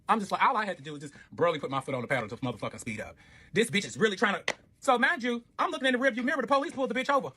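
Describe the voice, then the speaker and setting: A man's voice: sits high, racing, no echo. A man telling a personal story in casual, profanity-laced storytime fashion, animatedly acting out what everyone said. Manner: animated, profane, acts out quotes. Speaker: storyteller recounting his relationship.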